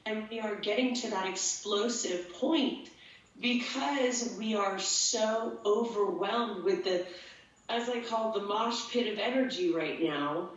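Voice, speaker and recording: A woman's voice: mid-range voice, slow pace. An earnest woman who rambles as she explains herself to an interviewer. Her voice sounds far from the mic in a very echoey space. The sound is dull and lo-fi. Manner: earnest, rambling, gets emotional. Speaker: guest, empath and tattoo artist. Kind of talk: casual interview talk.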